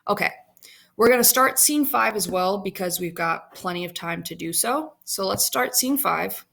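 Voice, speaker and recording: A woman's voice: medium pitch, normal speed, gravelly, fairly bright tone. Chatty woman explaining a play. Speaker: teacher.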